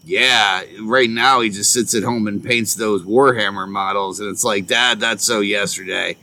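A man's voice: on the low side, steady tone, moderate pace, sharp tone, low-quality recording. A man co-hosting a podcast in casual chat, telling stories and acting out his friends' lines with plenty of swearing. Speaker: podcast co-host.

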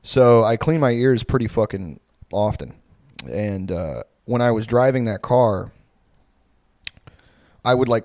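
Podcast co-host, twenties, male, casual and profane, rambling storyteller, mid pitch, dry close mic. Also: a little mellow, no room sound. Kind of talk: casual chat.

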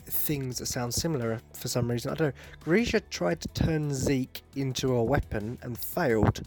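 A young man talks in a loose, rambling monologue as a podcast host. He is excitable and sweary, jumping between rants and self-mocking jokes at a mid-range pitch, with soft music faintly under him. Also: moderate pace.

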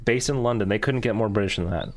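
A man with a somewhat low voice, chatting casually as a podcast co-host. He rambles, restarts and laughs easily while talking things through. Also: quick pace. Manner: relaxed, rambling, laughs often. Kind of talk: casual chat.

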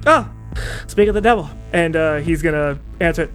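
A man with a high voice plays his character in a tabletop game, drawling and rambling with fillers. Faint music plays behind him. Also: expressive, fairly quick, a bit bright. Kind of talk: in-character role-play.

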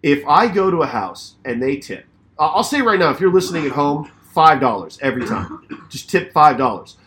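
A man co-hosting a podcast in casual chat, animated and swearing, now and then singing a bit of a song. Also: on the high side, a little fast. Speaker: podcast co-host; pizza delivery driver.

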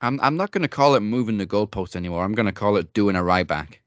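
A man's voice: fairly low pitch, animated, fast talker, fairly bright tone, dry recording. A man co-hosting a wrestling podcast in casual chat, laid-back and joking. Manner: laid-back, joking, with frequent fillers and laughs. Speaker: podcast co-host.

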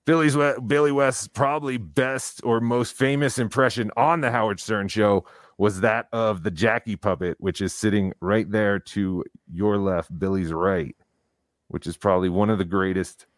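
A man with a fairly low voice co-hosts a podcast in loose, rambling chat. He leans on fillers and restarts sentences as he talks. The sound is dry and close. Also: fairly even intonation, moderate pace, no room sound. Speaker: podcast co-host. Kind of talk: casual chat.

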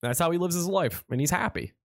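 A man's voice: a little high, lively intonation, fast talker, no room sound, clean studio sound. Joking, profane male podcast co-host. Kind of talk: casual movie recap chat.

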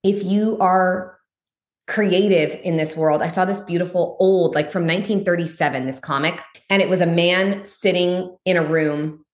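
In a reverberant space, a spiritual teacher guesting on a podcast talks at a moderate pace. She's emphatic and outspoken, cursing without restraint, leaning heavily on "like", and pitching her voice up sharply for emphasis.

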